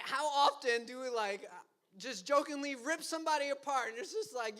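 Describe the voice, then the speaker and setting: High, bright-voiced young pastor laughing. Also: male voice. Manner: laughs often, self-deprecating asides; acts out quoted lines in funny voices. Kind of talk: casual conversational sermon.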